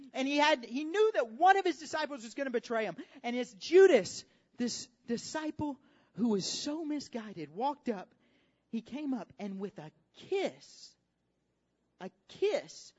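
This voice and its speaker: A preacher delivering a dramatic sermon, repeating phrases for emphasis and swinging from hushed tones to shouts, recorded at a church service. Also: medium pitch. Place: church service with worship team. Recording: dull lo-fi audio with faint music.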